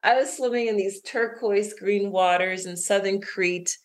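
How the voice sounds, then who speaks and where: A middle-aged woman with a mid-range voice, guesting on an interview as an author, relates a personal story. She's animated in conversation and quick to break into laughter.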